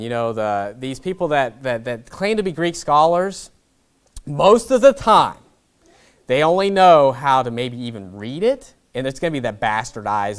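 A man's voice: medium pitch, clear, resonant tone. Pastor guy teaching bible class, blunt and combative, keeps tossing in "okay?". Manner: blunt, combative, conversational with frequent "okay?" asides.

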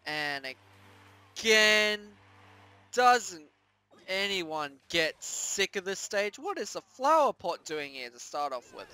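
Male gaming commentator; bright, sharp voice, slow unhurried pace, prone to excitable yelps. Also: a little high, smooth. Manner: excitable, yelps and repeats words when losing. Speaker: gaming YouTuber. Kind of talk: let's-play commentary.

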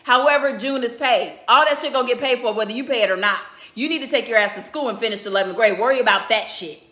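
A woman in her forties goes off on a phone live stream from home, blunt, combative and swearing freely. Her voice sits a little high, and the small room around her rings with echo. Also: fast, pushed and bright. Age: 40s. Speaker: mother livestreaming a family argument. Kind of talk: heated live-stream rant. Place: home, indoors.

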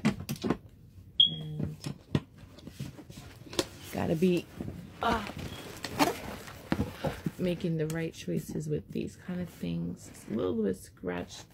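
Breathless chatty woman, gravelly voice. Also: fairly low pitch, extremely slow, long pauses, very noisy. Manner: rambling, chatty, talks to viewers. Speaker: vlogger. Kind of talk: casual unboxing chat.

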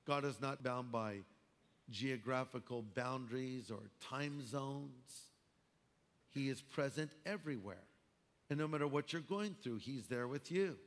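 A man's voice: mid-range voice, a little slow. A man preaching a sermon as pastor, emphatic with wry asides. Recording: long hall reverb.

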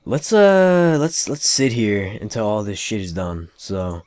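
A young man giving casual, excitable gameplay commentary, swearing often and talking to the characters on screen. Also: on the low side, unhurried, no echo. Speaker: let's play gamer.

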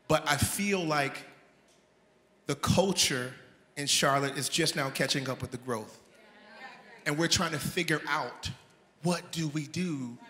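High-voiced man chatting from a concert stage. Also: bright, forceful tone. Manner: chatty, hypes the crowd, laughs at himself. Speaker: singer performing live. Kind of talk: stage banter between songs. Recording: echoey venue with live band. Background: band music.

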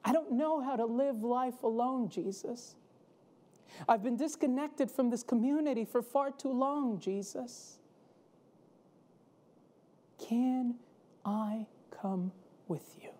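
A fearful outcast man, possessed and desperate, as a woman preacher puts him on. The voice pleads slowly and softly, mellow and unhurried, never rising to a shout. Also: fairly high pitch. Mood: pleading.

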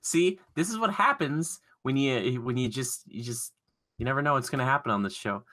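A young podcast co-host chats casually, joking, laughing easily, and acting out little voices. His medium-pitched voice is expressive, bright, and forceful.

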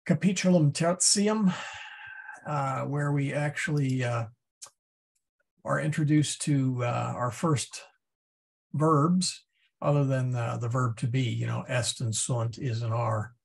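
A man teaching a Latin class, explaining step by step and thinking aloud with many pauses and fillers. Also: mid-range voice, steady tone, gravelly, slightly rough. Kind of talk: classroom lesson.

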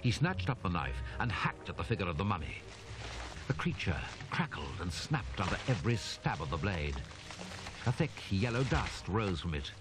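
A man reading a horror audiobook in grave, measured narration. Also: low-pitched, very animated. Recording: narration over background music. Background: music.

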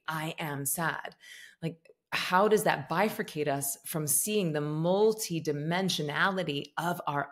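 A woman from the States, a meditation teacher talking as a guest on a podcast, expressive and musing aloud. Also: low voice. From Southern United States. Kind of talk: conversational podcast interview.

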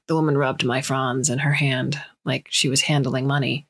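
Woman narrating a story, low voice, measured and deliberate. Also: flat delivery, breathy edge. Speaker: story reader. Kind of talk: scripted narration.

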